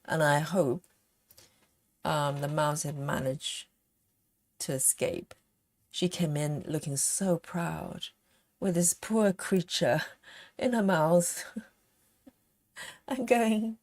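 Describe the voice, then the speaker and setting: A woman's voice: sits low, slow pace, long pauses, a little mellow. A woman chatting casually on a live stream as she stitches, giggling often and reading out viewer comments.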